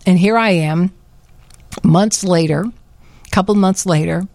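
A woman co-hosting a radio talk show, with a lowish voice that is dry and close to the mic. She tells her story in lively, animated casual chat. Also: measured pace, no echo. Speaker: radio co-host.

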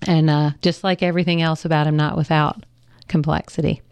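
A woman, a pastor, talking in a radio studio interview. Her voice is low-pitched for a woman and very smooth, close and dry. She weighs her words with frequent ums. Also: level tone, fairly quick, a little mellow, dry recording. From American South. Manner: thoughtful, hedging with ums, laughs easily. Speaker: pastor and guest.

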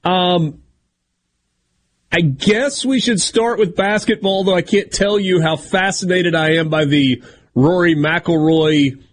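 Wry, easygoing sports radio host. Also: male voice, sits high, slow. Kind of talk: radio show banter.

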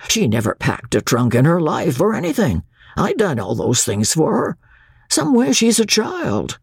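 A man's voice: on the high side, huge pitch swings, normal speed, gravelly, slightly rough, no room sound, studio quality, pitched above the performer's own voice, full character voice. A man playing a simple, devoted husband, plainly spoken. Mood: wondering. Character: devoted, simple-hearted male actor husband.

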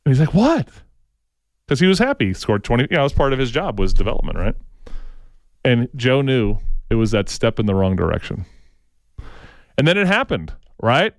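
A man with a mid-range, sing-song voice talks a little fast and pauses often, recorded with no echo. Co-hosting a talk show, he tells rambling, opinionated stories, ends his sentences with "right?", often restarts them, and slips into impressions of the people he quotes.

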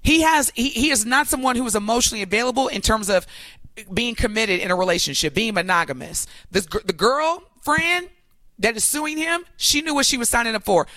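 A woman co-hosting a talk show, making her points emphatically with animated, repeated phrasing. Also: a little high, brisk, no room sound. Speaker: co-host. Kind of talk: opinionated talk show discussion.

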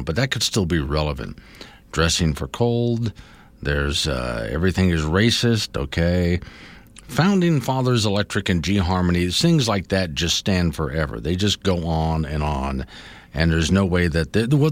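Middle-aged male radio host, low, animated, dry studio sound. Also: dry recording. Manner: rambling, self-amused. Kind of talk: radio show chat.

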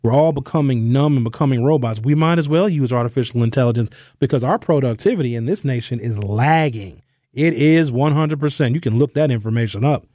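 A man hosting a talk radio show, delivering an opinionated, conversational monologue that slows down and speeds up for emphasis. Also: medium pitch, warm tone, dry recording, clean studio sound.

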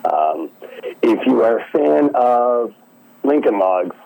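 A middle-aged man calling into a radio show as a forest preserve guest, talking in a relaxed, easygoing way with fillers. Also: medium pitch, takes it slowly, creaky, poor audio. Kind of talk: phone-in interview. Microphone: phone line.

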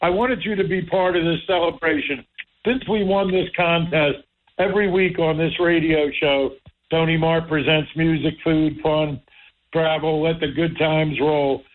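A man's voice: fairly high pitch, steady tone, a little slow, narrow, tinny audio, slight background noise. A male radio show host in casual talk show chat, enthusiastic and repeating himself as he searches for words.

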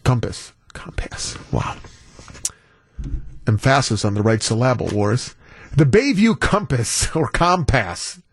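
A man's voice: mid-range voice, very animated, unhurried, husky, dry recording. A man guest-hosting a talk radio show, telling a story in a wry, incredulous way. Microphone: studio broadcast mic.

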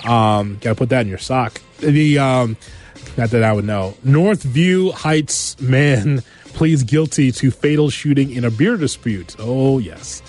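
A man hosting a sports radio show, reading news items and adding quick wisecracks. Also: medium pitch, a little mellow, faint music behind. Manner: wisecracking, quick asides after each story.

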